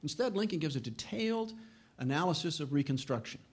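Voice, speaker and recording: Man, middle-aged lecturer, earnest, stumbles and restarts, pitched a bit high, rises when quoting. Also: expressive, fairly quick, slightly rough. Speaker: historian giving a lecture. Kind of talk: public lecture.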